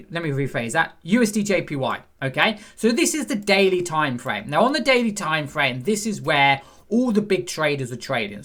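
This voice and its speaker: A man's voice: on the high side, fairly bright tone. A man teaching forex trading over a chart, talking conversationally and quizzing the viewer. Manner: conversational, asks the viewer questions; acts out a frustrated trader's inner voice. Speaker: trading instructor. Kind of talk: screen-share chart lesson.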